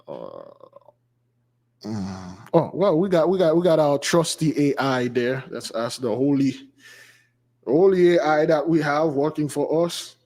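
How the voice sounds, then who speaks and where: A man's voice: a little high, animated, darkish tone. Emphatic man teaching in a reverberant hall. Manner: repetitive, emphatic, drawn-out points. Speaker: spiritual teacher. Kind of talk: informal sermon talk.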